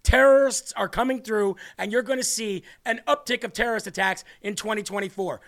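Fired-up high-voiced male show host. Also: a little fast, a bit bright. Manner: combative, ranting, emphatic. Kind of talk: heated political commentary livestream.

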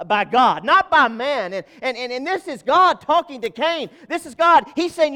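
A high-voiced man preaching as pastor in a church. He repeats words and phrases, swinging from loud, ringing calls down to near-murmurs, and breaks out in fervent exclamations. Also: lively intonation, moderate pace, few pauses. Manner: moves around while preaching. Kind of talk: sermon.

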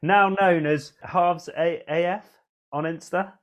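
A man's voice: on the high side, steady tone, slow pace. Chatty man hosting a podcast. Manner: jokey, rambling banter. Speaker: podcast host. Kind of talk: casual chat.

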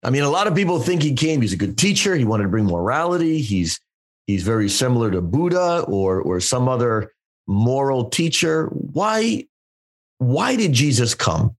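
A man's voice: medium pitch, very animated, normal speed. A man hosting a faith podcast, affirming his guest and asking long framing questions. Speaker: podcast host. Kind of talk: podcast interview, pastoral.

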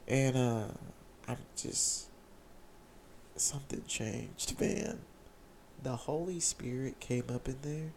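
A young man telling an emotional, excited personal testimony, repeating phrases as he speaks. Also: medium pitch, takes it slowly, vocal fry, long pauses, a little hiss or hum.

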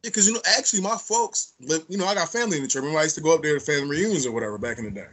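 A man's voice: a little high, animated, very fast, a bit bright. A man co-hosting a podcast, telling stories in blunt, profane casual chat. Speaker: podcast co-host.

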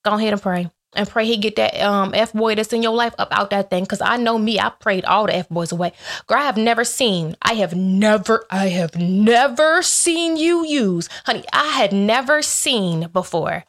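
A woman vlogger in casual faith talk to her viewers, telling animated stories in which she acts out both her own lines and God's replies, with playful asides. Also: medium pitch, a little fast.

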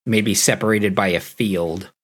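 Very low-voiced joking woman. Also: steady tone, measured pace, breathy edge. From Rhode Island, USA. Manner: joking, laughs often, jumps into high silly voices. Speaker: podcast co-host. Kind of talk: casual chat.

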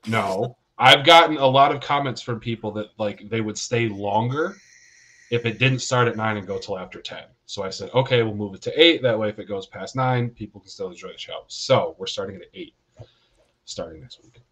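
A man's voice: fairly low pitch, fairly quick, a bit bright. A man hosting a casual livestream show, joking and swearing with his co-hosts. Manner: joking, profane banter. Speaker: podcast host.

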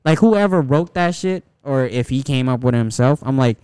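A man's voice: mid-range voice, lively intonation, normal speed, darkish tone, smooth, dry recording. A young man co-hosting a casual podcast, talking in a rambling, profane way with many restarts. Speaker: podcast co-host.

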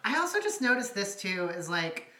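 A woman's voice: mid-range voice, sing-song, moderate pace, sharp tone. A woman in casual chat, wry and blunt, laughing often as she talks through a movie. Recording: echoey room.

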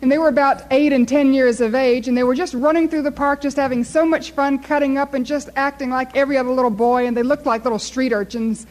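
A woman preaching a sermon, telling a story in an animated storyteller's way before moving into scripture. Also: high-pitched, fast, hardly any pauses, poor audio.

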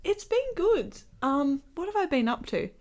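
A woman co-hosting a podcast, telling stories in a giggly, animated way. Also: high voice, normal speed. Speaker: podcast co-host. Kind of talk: casual chat.

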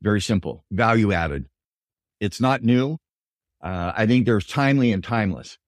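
An older man, a business professor and coach, answering interview questions with lively stories and quoted dialogue. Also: on the low side, moderate pace, no room sound, studio quality. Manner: animated storyteller, voices quotes in dialogue.

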